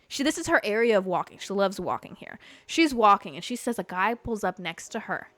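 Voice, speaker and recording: A young woman hosting a podcast, telling a story in casual chat, animated, full of fillers and swearing. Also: mid-range voice, a little fast, dry recording. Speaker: podcast host. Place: Los Angeles.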